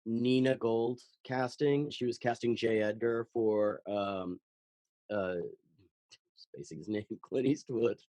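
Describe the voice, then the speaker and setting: A man who is an actor and voice actor, telling casual, animated anecdotes in an interview and acting out the quotes. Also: mid-range voice, takes it slowly, no room sound.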